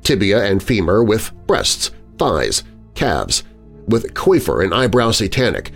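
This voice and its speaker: A man narrating a story in a dramatic audiobook style, expressive and lingering on vivid words, with faint music underneath. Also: lowish voice, unhurried, gravelly.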